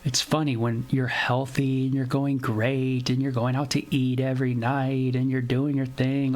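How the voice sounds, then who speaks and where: A man's voice: medium pitch, unhurried, hardly any pauses. A man hosting a casual Bible devotional, reading scripture and retelling it in loose everyday slang. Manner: conversational, animated, paraphrases scripture in everyday slang. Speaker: devotional host.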